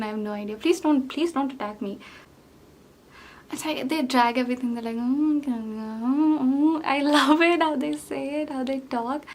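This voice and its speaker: A young woman vlogger talking through her makeup routine in a rambling, chatty way, full of fillers and self-deprecating asides. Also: on the high side. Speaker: beauty vlogger. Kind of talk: chatty get-ready-with-me makeup talk.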